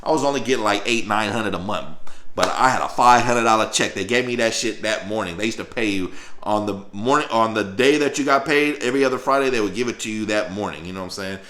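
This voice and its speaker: A man spins a profane, animated tale from his youth, his tone bright and forceful. He keeps checking in with the listener as he talks, and his voice sits in a roomy, echoey space. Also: lowish voice, fast talker. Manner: profane, animated, fills with "you know what I'm saying". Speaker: storyteller vlogger. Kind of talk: casual storytelling. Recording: roomy echo.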